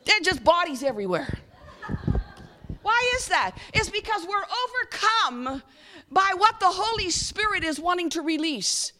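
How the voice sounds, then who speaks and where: A woman giving a sermon in a high voice that rises and falls with a lot of life. She keeps checking in with her listeners, asking them to answer her, then slows into a soft guided reflection. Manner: interactive, asks the audience frequent questions; leads a guided reflection, slow and soft at times. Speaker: guest speaker.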